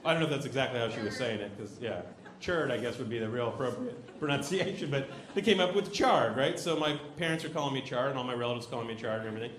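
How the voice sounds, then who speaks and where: A man telling a stand-up comedy story on stage, peppering each beat with "right?" and leaping into loud character voices. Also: fast talker, noisy background. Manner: animated storytelling, jumps into shrill shouted voices for characters; tag questions "right?" after nearly every beat. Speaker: stand-up comic. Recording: roomy club sound with audience.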